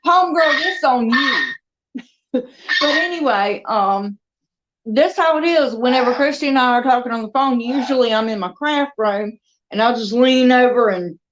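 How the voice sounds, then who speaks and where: A woman chatting casually with her viewers from her dining room at home, stopping now and then to talk to her pets. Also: on the high side. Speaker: crafter and video host. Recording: dull lo-fi sound.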